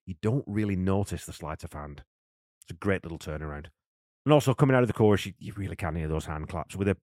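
Enthusiastic low-voiced man explaining drums. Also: dry recording, studio quality. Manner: enthusiastic, nerdy, counts beats aloud. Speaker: drummer and host. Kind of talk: casual music breakdown commentary.

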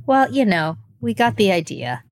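A woman's voice: medium pitch, sing-song, moderate pace. A woman co-hosting a podcast, chatty and opinionated in casual chat. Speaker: podcast co-host.

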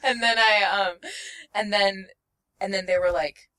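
Bright-voiced young woman telling a rambling story. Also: mid-range voice, fairly even intonation, a little slow, distant mic. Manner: rambling, full of fillers, laughs often, acts out quotes. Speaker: guest. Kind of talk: casual storytelling chat.

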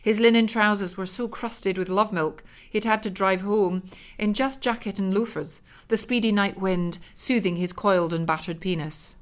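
A woman narrating a comic story in a dry, deadpan manner. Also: medium pitch, moderate pace.

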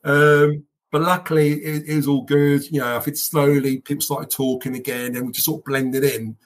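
A middle-aged man, telling lively football anecdotes with laughs in a casual chat. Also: on the high side, moderate pace. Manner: animated anecdotes, laughs as he tells them. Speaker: guest football fan. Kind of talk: casual storytelling.

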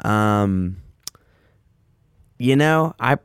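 A man talks through a loose solo podcast, wandering between thoughts with frequent swearing and self-mocking asides. His voice sits fairly low and comes across smooth and resonant. The sound is dry and close, with no room around it. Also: very slow, dry recording. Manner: rambling, frequent profanity and filler words; loose, self-mocking, lively swings in pitch. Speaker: podcast host. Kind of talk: casual solo podcast monologue.

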